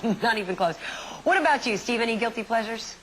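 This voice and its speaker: A woman with a fairly high voice hosting a television game show, bubbly and chatty, with a sing-song lift on key words. There is noticeable background noise under her voice. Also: animated, quick pace, low-quality recording. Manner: bright, chatty, laughs easily, sing-song emphasis.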